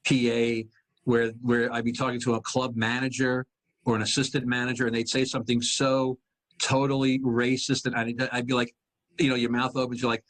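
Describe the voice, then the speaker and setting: A man in his sixties, a guest comedian telling stories in a casual chat, quick and animated. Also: mid-range voice. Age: 60s.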